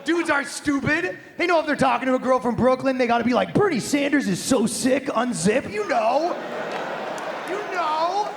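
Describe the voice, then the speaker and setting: A man's voice: very high-pitched, noisy background. A man doing a stand-up comedy set on a live stage, brash, crude and conversational, into a handheld microphone.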